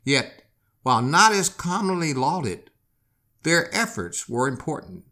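Male host, slow dramatic history storyteller. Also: on the high side, big pitch swings, bright, forceful tone. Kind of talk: storytelling narration.

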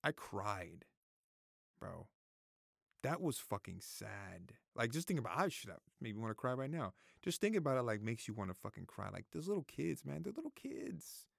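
A man's voice: medium pitch, very animated, a little fast, creaky, no echo, studio quality. A man in his thirties giving his opinions in a casual vlog, repeating himself, swearing freely and fighting back tears. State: close to tears. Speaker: vlogger. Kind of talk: casual opinion talk to camera.

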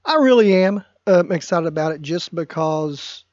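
A man's voice: on the high side, lively intonation, normal speed, a little mellow, no echo. Hesitant man with a dull, dry sound. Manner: hesitant, many fillers and restarts. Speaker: podcast co-host. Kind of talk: casual chat.

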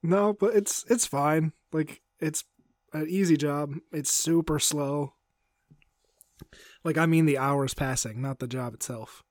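Brief: young guy, casual podcast co-host, wry and hesitant, a bit high-voiced, dry close mic. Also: slow pace, no room sound. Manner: hesitant, wry, trails off with fillers and laughs. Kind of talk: casual chat.

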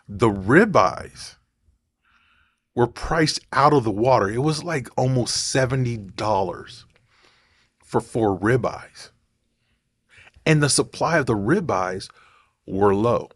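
Slow, rambling man talking to camera. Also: medium pitch, very animated, dry recording, clean studio sound. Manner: rambling, digressive, thinks aloud. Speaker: vlogger. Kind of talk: casual talk to camera.

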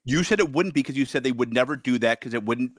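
A man's voice: mid-range voice, quick pace, dry recording. A man co-hosting a podcast, chatting casually and teasing his co-hosts with sarcastic jabs. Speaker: podcast co-host. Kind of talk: casual chat.

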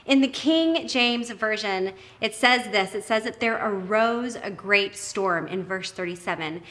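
Bright-voiced woman preaching. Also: mid-range voice, unhurried. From Texas, United States. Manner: enthusiastic, emphatic, drops to soft hushed tones. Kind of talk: sermon.

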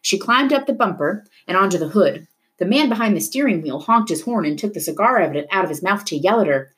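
A woman reading a children's novel aloud, narrating the story in a steady, expressive way. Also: medium pitch, fast talker, slightly rough. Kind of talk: book read-aloud narration.

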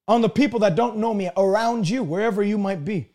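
A man preaching a sermon emphatically, swinging between loud high passages and low drawn-out ones.

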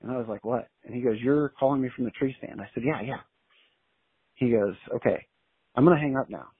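A man telling a long story in a casual, colloquial and animated way as an interview guest, heard over a phone line. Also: medium pitch, a little fast, husky, dry recording. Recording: tinny dry phone line.

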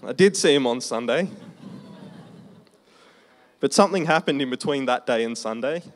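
A man preaching a testimony sermon in a conversational storytelling way, slowing down for emphasis. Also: mid-range voice, animated. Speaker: preacher sharing his testimony.

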